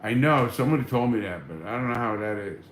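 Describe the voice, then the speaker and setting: A man's voice: mid-range voice, animated, fast, echoey room, slight background noise. A man hosting a casual live stream, reading viewer comments and answering in a blunt, profane, fired-up way.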